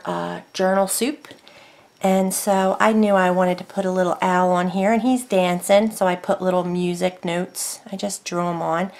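Woman crafter, casual show-and-tell, chatty and rambling, fillers and restarts, home desk. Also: mid-range voice. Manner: rambling, chatty, full of fillers and self-corrections. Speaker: craft vlogger.

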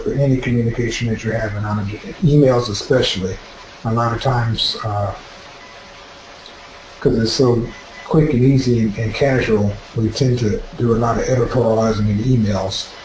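A man's voice: mid-range voice, a little mellow, roomy sound, a little hiss or hum, rough recording. A man giving practical, explanatory advice as the presenter of an instructional webinar.

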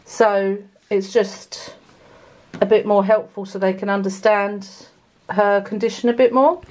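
A woman chats casually to her handheld camera as a family vlogger. She speaks slowly and unhurriedly, at a middle pitch, with plenty of fillers along the way. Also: steady tone, a little mellow. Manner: chatty, unhurried, with frequent "um" fillers. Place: at home and outdoors on a windy, sunny day.

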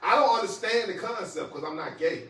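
Brash, lively-voiced man in a roomy space. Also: high-pitched, fairly quick. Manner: brash, teasing storyteller, swears freely. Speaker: podcast co-host. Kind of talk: casual chat. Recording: roomy sound from a distant mic.

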